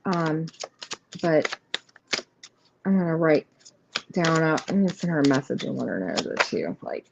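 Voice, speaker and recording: A woman reads tarot live for her viewers, talking casually with lots of fillers and restarts. Her voice sits low with a gravelly fry and swings widely in pitch. The stream audio is slightly muffled, with faint noise and keyboard clicks behind her. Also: very animated, moderate pace, long pauses. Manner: chatty and rambling, many fillers and restarts; reassuring, speaks straight to viewers. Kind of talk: casual live card reading.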